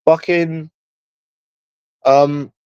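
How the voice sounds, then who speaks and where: A man's voice: on the high side, level tone, very slow, darkish tone, smooth, no echo, dull audio. A man streaming alone, rambling in a casual, mocking monologue full of swearing. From London. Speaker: livestreamer.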